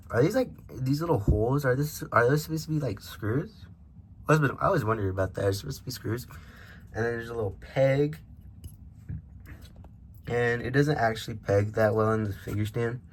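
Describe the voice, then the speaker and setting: A man's voice: mid-range voice, slight background noise. Rambling chatty male toy reviewer. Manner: rambling, self-interrupting, chatty with frequent asides. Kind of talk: casual unboxing vlog chat. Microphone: camera microphone.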